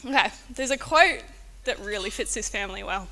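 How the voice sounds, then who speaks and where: Aussie woman doing a wedding toast, bright sharp voice, giggly and teary, winging it. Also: medium pitch, lively intonation, brisk, a little hiss or hum. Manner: nervous, giggly, tearful, chatty. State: shaky and close to tears. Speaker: sister of the bride giving a speech. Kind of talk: unscripted wedding speech. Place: indoor wedding reception venue.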